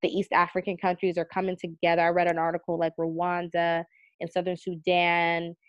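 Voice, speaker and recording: Lowish chatty woman guest, earnest, kinda dull dead-dry audio. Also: monotone, brisk, clean tone, dry recording. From United States. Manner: chatty, earnest, heavy use of "like". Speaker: magazine CEO and editor, guest. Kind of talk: casual podcast conversation. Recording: dull, slightly muffled audio.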